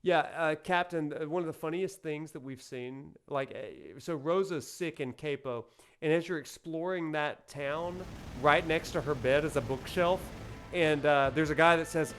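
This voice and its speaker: A man's voice: a little high, moderate pace, a bit bright, faint music behind. A man giving playful, joking commentary as he plays through a game. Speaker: game streamer. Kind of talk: let's play commentary.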